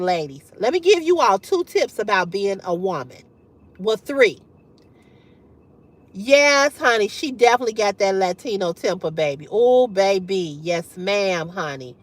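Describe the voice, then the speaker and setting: High, lively woman telling a story. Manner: animated, candid, profane, laughs often. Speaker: livestream host. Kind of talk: casual storytelling to live chat.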